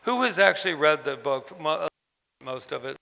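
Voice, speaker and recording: A man telling personal stories to an audience at a book event, halting and repeating words, acting out the voices of people he quotes. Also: fairly high pitch, expressive, vocal fry, sharp tone. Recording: long hall reverb.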